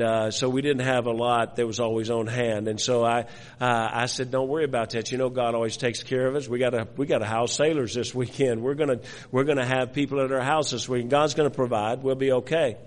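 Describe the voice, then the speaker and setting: An older man preaching, telling a personal story with many restarts and repeated words. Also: medium pitch. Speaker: pastor. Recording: long hall reverb.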